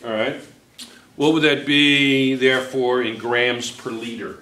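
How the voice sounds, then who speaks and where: A man's voice: medium pitch, steady tone, measured pace, pushed and bright. A man teaching a chemistry review class, coaxing students with question after question. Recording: echoey classroom.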